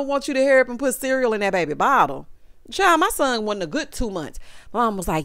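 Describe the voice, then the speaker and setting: A woman, giving a sassy, animated reality TV recap and calling her viewers honey and child. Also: a little high, fast, dry recording. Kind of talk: casual recap commentary.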